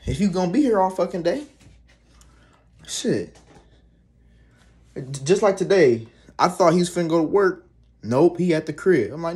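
Young man, slightly high voice, rambling profane rant, fed up, casual vlog talk. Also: expressive, moderate pace, long pauses, a little mellow. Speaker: vlogger. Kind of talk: casual ranting monologue.

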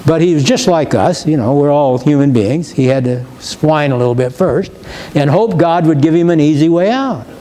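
A man's voice: fairly high pitch, lively intonation, normal speed, dark tone, low-quality recording. A male pastor giving a sermon in a church, preaching emphatically and reading scripture with rising force. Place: church sanctuary.

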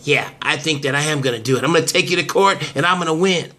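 A man's voice: fast talker, sharp tone. A man playing a rattled, hot-headed businessman in a hobby audio drama, talking in a raised, agitated voice. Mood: defiant. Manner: agitated and disbelieving, raised pitch.

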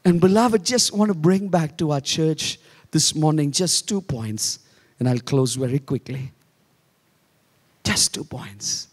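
A man preaching a sermon as pastor, moving between soft low asides and raised emphatic lines. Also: a little slow, slightly rough. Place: church hall. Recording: echoey church hall.

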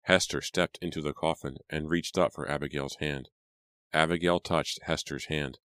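A man narrating a spooky audiobook in a steady, measured storytelling manner. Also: very deep voice, clear, resonant tone, dry recording, studio quality. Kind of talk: scripted narration.

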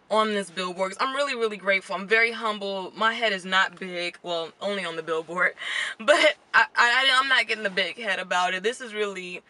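A woman's voice: mid-range voice, sharp tone. A young woman, chatting to camera from her car, emotional and close to tears. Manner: chatty and emotional, near tears, says "y'all" often. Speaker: beauty vlogger. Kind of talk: casual vlog to camera. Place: car parked at a gas station.

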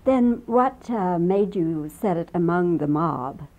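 A woman interviewer asking polite, measured questions. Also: fairly low pitch, expressive, darkish tone, dull audio. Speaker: interviewer, host.

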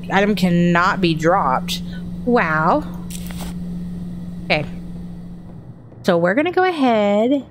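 A woman's voice: lowish voice, noisy background. A woman from Texas, chatting through a horror game as she plays, thinking aloud and startling easily. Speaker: gaming streamer. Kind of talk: horror game let's-play commentary.

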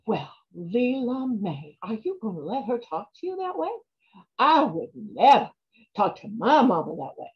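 A woman puts on a prim churchgoing aunt in a stage monologue, disapproving and scolding in a soft, clipped voice. The voice is husky. The recording sounds dull. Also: fairly high pitch, big pitch swings, unhurried, heavily acted.

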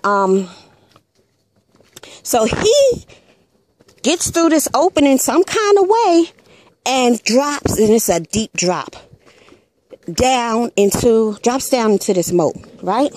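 A woman's voice: medium pitch, darkish tone, no room sound. A woman hosting her own channel, retelling a story in blunt, profane, casual commentary and punctuating her points with an emphatic "Hello.". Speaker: channel host.

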